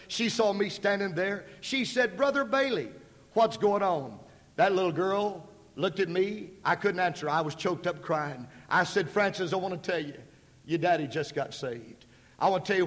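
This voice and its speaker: Folksy preacher man in an echoey hall. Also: sits high. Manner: folksy, emphatic storytelling. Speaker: pastor. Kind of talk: sermon with a personal story. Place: large hall at a school.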